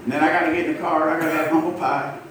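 A middle-aged pastor races through a folksy, emphatic sermon, his fairly high voice keeping a level tone. The congregation joins in call-and-response, and the church sanctuary recording is distant, echoey and noisy.

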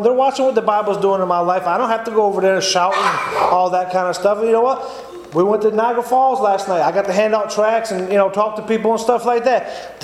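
A man giving an earnest, repetitive testimony sermon in a church. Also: high voice. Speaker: lay preacher giving testimony. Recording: echoey church room, faint noise.

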